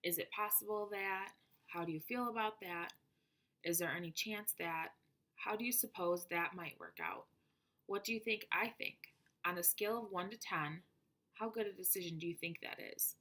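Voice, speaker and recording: A woman reading a prepared presentation on classroom methods in a steady, explanatory manner. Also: medium pitch, normal speed.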